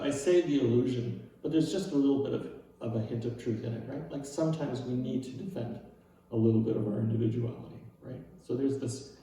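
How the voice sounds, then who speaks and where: A man giving a casual, conversational sermon to his church, often checking in with asides and gently poking fun at himself. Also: mid-range voice, very echoey, recorded from a distance, poor audio. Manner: casual and self-deprecating, with frequent "right?" asides. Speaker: preacher.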